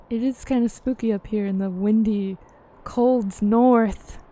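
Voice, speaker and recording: A woman streamer talks loosely to her viewers while she plays, laughing at her own jokes. Her voice is a little high but soft and mellow rather than bright. She sounds relaxed and chatty. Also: takes it slowly. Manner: chatty, giggly asides. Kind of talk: casual game commentary.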